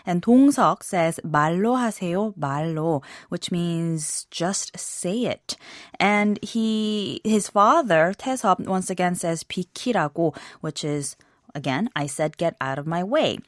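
A woman with a lowish voice and lively intonation hosts a scripted language lesson, explaining phrases in a measured way and slowing down on key words. The audio is studio quality with no room sound.

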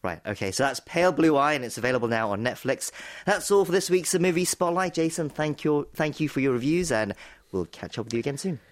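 A man hosting a radio show, briskly asking questions and moving between segments. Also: fairly high pitch, lively intonation. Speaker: radio host. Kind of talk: broadcast interview.

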